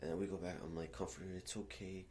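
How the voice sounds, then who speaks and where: A man's voice: low voice, racing. A man telling a rambling, profane story to friends in casual chat, with faint noise behind him. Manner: profane, rambling, animated when quoting.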